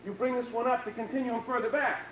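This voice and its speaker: A man's voice: extremely high pitch, steady tone, fast talker. A man teaching a karate seminar, talking casually as he demonstrates moves, coaching students with short praise. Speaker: karate instructor. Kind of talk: hands-on martial arts seminar teaching. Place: training hall. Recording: echoey hall, distant mic, noisy 1990s video.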